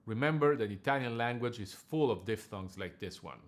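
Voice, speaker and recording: A man coaching singers on diction in a measured, precise scripted lesson. His pitch rises and falls freely, giving the explanation an animated, melodic line.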